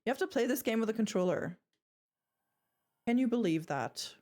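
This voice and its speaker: A young woman streamer chatting casually and excitedly while she plays a game, swearing freely. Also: a little high, moderate pace. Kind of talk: casual live-stream chat while gaming.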